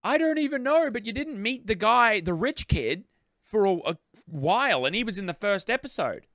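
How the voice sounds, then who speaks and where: A man's voice: high voice, normal speed, no echo, clean studio sound. A young Australian man co-hosting a podcast, chatting casually and rambling through his points. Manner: rambling, animated, self-interrupting. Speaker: podcast co-host. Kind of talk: casual chat.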